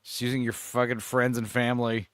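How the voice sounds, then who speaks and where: A man's voice: mid-range voice, flat delivery, brisk, a bit bright, clear, resonant tone. A man co-hosting a casual film chat, telling the story animatedly and laughing often. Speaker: podcast co-host.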